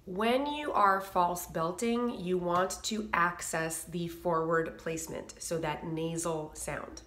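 Bright-voiced woman vocal coach, echoey room. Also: on the low side, takes it slowly, a little hiss or hum. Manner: explains with sung demos and nasal sound effects. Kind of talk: singing lesson to camera.

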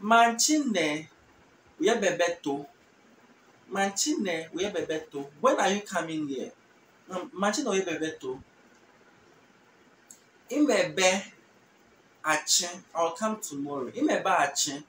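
Slow, patient Ghanaian man teaching phrases. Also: high voice, expressive, fairly bright tone. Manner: slow, repeats each phrase patiently and translates. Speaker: language teacher. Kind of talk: relaxed spoken language lesson. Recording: roomy, distant mic with faint noise.

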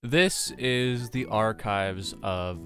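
A man's voice: on the low side, drawn-out words, a bit bright, soft background music. A man doing comedic YouTube commentary in a sarcastic, profane tone, often laughing as he talks.

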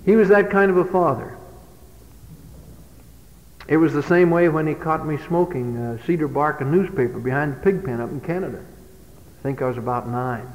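A man's voice: fairly high pitch, expressive, normal speed, long pauses. A man giving a speech to youth, telling humorous stories in a folksy way. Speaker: speaker. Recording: dull old hall recording with long reverb.

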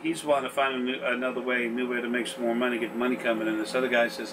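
A man's voice: medium pitch, flat delivery, racing, recorded from a distance, noisy background. A man talking as a spiritual consultant in a casual, rambling, folksy way, often acting out voices in his stories.

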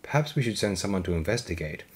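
A man plays a dutiful middle-aged starship captain reporting to his superior. He speaks formally, pitched a touch above his low narrating voice. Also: expressive, fast talker.

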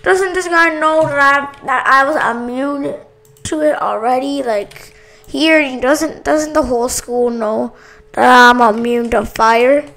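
A woman's voice: high-pitched, measured pace, fairly bright tone. A female gamer talking through a silly role-play game in a playful, goofy way. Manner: playful, goofy, jumps between put-on voices.

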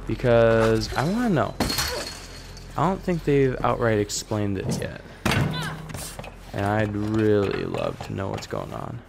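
Animated, self-mocking young man gaming. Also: on the low side, slow pace, vocal fry, long pauses, background noise. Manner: chatty, self-mocking, flares up in mock frustration. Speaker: gaming YouTuber. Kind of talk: let's play commentary. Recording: voice over game music.

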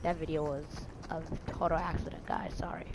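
A woman's voice: sits low, level tone, fairly quick, heavy background noise. A woman giving casual, joking gameplay commentary, playful and slangy, now and then putting on a mock accent. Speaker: gaming channel host.

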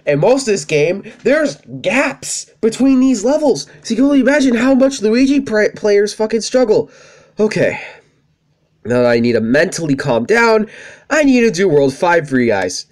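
A man's voice: sits high, very animated, moderate pace. A young man hosting a let's play, rambling casually, swearing often and laughing at himself. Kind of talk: casual gameplay commentary.

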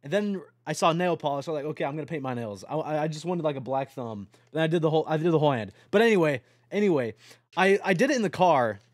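Young male streamer, high-pitched, dry close mic, rambling and profane, excitable late-night chatter. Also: fast, dry recording. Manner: rambling, excitable, swears a lot.

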